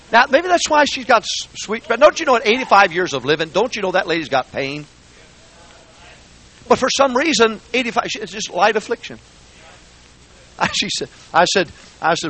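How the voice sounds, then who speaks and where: A man preaching a folksy, joking sermon in a church, swinging between quiet asides and shouting. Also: a little high, big pitch swings, fairly quick, husky. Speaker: guest preacher. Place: church sanctuary.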